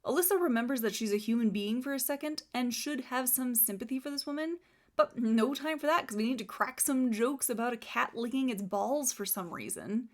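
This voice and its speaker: A woman's voice: fairly high pitch, fairly quick. A young woman reviewing a book she dislikes, sarcastic and exasperated, often reading passages aloud.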